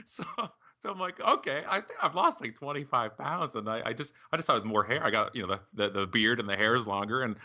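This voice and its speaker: Animated man telling stories, low and bright. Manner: animated, acts out quoted voices when telling stories. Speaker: podcast guest, author. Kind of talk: casual storytelling conversation.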